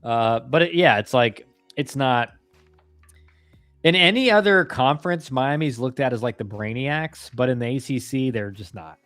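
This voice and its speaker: A laid-back man chatting on his live stream, with a mid-range voice that is neither high nor low. His delivery rambles with slang and restarts. The sound is dry and close, with faint music underneath. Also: expressive, moderate pace, fairly bright tone, dry recording. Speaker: live-stream host, former college ballplayer. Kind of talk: casual live-stream chat answering viewer questions.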